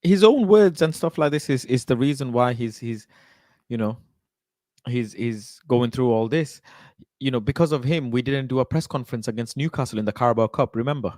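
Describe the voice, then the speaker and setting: A man's voice: medium pitch, a little mellow, dry recording. Indignant man, dry close sound. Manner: indignant, slow emphatic ranting. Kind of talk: casual football chat.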